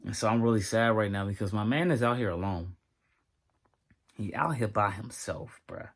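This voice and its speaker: A man giving a casual reaction review of a TV episode, talking straight to his viewers in an animated way. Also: on the low side, moderate pace, vocal fry, slightly rough.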